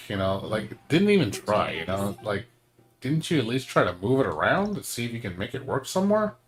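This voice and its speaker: Ranting, swearing male game streamer, low voice. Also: sing-song, a little fast, slight background noise. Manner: ranting, swears a lot, lots of fillers. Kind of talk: casual chat while streaming a game.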